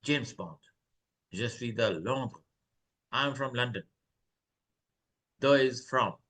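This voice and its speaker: A man's voice: medium pitch, slow, a bit bright. A man teaching French online, reading short dialogues aloud and translating each phrase into English.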